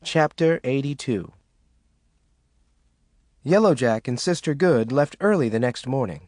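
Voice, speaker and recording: Male narrator, lively, expressive audiobook read, dry booth sound. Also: medium pitch, measured pace, no echo. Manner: expressive reading. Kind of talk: scripted narration.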